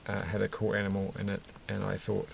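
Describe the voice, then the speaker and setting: A man's voice: fairly low pitch, completely flat delivery, fast talker, gravelly, slightly rough. A man chatting casually and rambling while building a Lego set, often chuckling and correcting himself.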